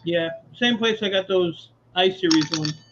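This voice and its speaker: A man's voice: high-pitched, unhurried, noisy background. A man chatting casually on a live call, telling stories with easy laughs and casual swearing, over dull lo-fi audio. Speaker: guest on a live scrap chat. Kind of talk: casual storytelling chat.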